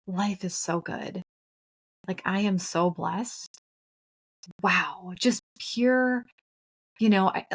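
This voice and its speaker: A woman in her thirties co-hosting a spiritual podcast, telling a personal story in an earnest, chatty way with playful asides. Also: lowish voice. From Minnesota. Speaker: podcast co-host.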